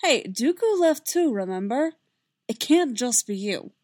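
A calm, gentle male Jedi master with a steady way of talking, voiced by a woman. His lines are reassuring rather than stern. The recording is close and dry. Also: a little high, measured pace, dry recording.

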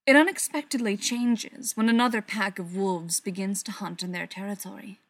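Female narrator reading a story aloud, soft delivery that often sinks to a whisper. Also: mid-range voice, steady tone, normal speed, no echo. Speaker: story reader.

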